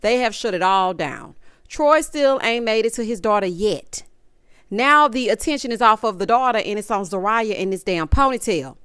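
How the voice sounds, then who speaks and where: A woman hosting a casual reality TV recap, talking in an animated, dramatic, sassy way with punchy asides. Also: mid-range voice, moderate pace, clear, resonant tone, dry recording, studio quality.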